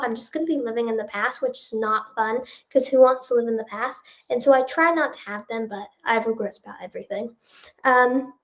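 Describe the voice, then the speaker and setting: A young woman with a nasal voice, a singer-songwriter answering chat questions in a casual livestream, rambling with lots of fillers. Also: on the high side. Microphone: phone or webcam livestream.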